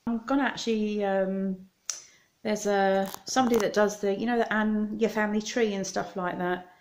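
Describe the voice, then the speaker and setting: Scottish woman, middle-aged, giggly vlogger who rambles in casual chat, mid pitch. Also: fairly even intonation, normal speed, a little mellow, a little hiss or hum. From Scotland.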